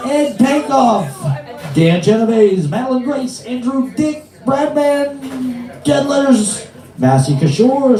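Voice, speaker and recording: A man hosting an open mic, hyping acts and reading the lineup with drawn-out announcing. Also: high-pitched, mellow. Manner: drawn-out hype announcing, reads a list of names. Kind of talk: emcee introductions. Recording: echoey room, distant mic, faint music.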